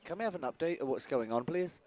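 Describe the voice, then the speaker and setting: A man's voice: a little high, expressive, quick pace, a little mellow, a little hiss or hum. A man doing casual, jokey live-stream commentary at a sports event, bantering and laughing with his co-host.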